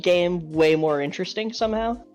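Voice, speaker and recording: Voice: medium pitch, normal speed, darkish tone, soft background music. A co-host chatting casually and eagerly about games on a stream. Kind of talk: casual chat.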